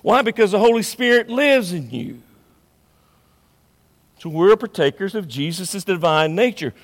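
Emphatic high-voiced pastor preaching. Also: male voice, sing-song, unhurried. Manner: emphatic preaching, swings between loud and hushed. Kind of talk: sermon. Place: church sanctuary.

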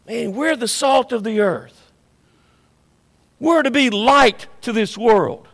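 A man's voice: extremely high pitch, expressive, slow, pauses often, a bit bright, in a large hall. A man preaching a sermon as pastor, emphatic and repetitive, swelling and dropping in intensity.

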